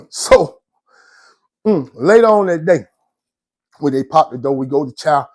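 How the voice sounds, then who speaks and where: Husky-voiced man telling a story. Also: a little high, animated, a little slow. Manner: slangy, rambling, keeps asking "you know what I'm saying". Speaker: former inmate telling his story. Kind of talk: casual storytelling to camera.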